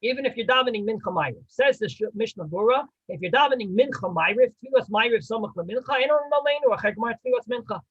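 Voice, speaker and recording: A man teaches a class with a husky edge to his voice. His pitch swings widely as he quizzes and teases the people listening. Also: expressive, fast talker, few pauses, a bit bright, lo-fi sound. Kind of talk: lively spoken class.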